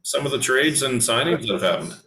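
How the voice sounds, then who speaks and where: A man's voice: mid-range voice, lively intonation, fairly quick, sharp tone, roomy sound, poor audio. A man hosting a casual hockey podcast, talking loosely with many ums and restarts. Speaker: podcast host. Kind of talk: casual sports chat.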